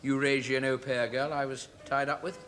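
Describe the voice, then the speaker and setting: An actor playing a fussy, flustered bachelor in a sitcom. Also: male voice, mid-range voice, level tone, moderate pace, a bit bright, a little hiss or hum, close to an everyday voice. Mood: boastful. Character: fussy put-upon young English bachelor. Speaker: office clerk. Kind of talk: sitcom acting.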